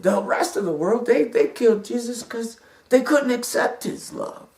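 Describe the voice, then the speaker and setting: A man giving a personal testimony, halting and repeating his words, earnest and devout. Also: very high-pitched, lively intonation, vocal fry, a little mellow. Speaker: speaker telling his story. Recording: roomy sound from a distant mic.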